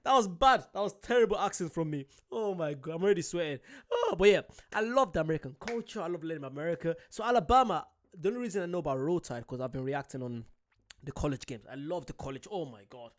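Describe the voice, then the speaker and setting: Young male reaction host from Ireland, casual and excitable, quick to swear, a bit high. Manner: excitable, swears, laughs at himself.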